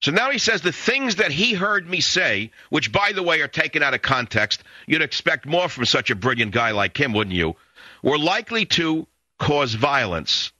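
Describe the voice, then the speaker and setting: A man's voice: on the high side, pushed and bright, no room sound. A man in his sixties, a radio talk show host, delivering an indignant, taunting monologue full of repeated insults into a studio microphone.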